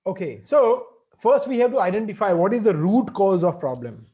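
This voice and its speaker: A man's voice: sits high, sing-song, moderate pace, muffled recording. A man gives a devotional lecture, explaining with everyday examples and frequently checking in with "right?". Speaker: spiritual teacher.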